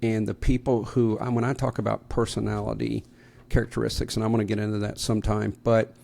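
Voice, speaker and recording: A man's voice: lowish voice, flat delivery, fast, gravelly, darkish tone. A middle-aged man co-hosting a podcast, telling stories in a sarcastic, casual way. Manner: sarcastic, storytelling. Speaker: podcast co-host. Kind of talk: casual conversation.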